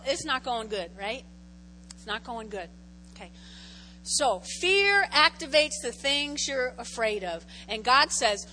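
A woman giving a lively Bible lesson to a group, acting out the people in the story and asking her listeners questions. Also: a little high, takes it slowly. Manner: animated, acts out voices, asks the audience questions. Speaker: Bible teacher. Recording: long hall reverb, faint hum.

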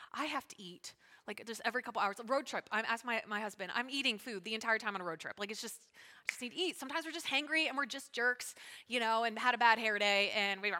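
A woman pastor preaching a sermon in a fast, chatty way, joking and adding asides. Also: a little high, sharp tone. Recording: long hall reverb.

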